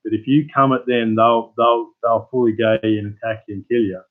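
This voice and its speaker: A man's voice: on the low side, steady tone, normal speed, narrow, tinny audio. An Australian man hosting his channel, chatting casually with live viewers as a rambling, laid-back storyteller. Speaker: channel host.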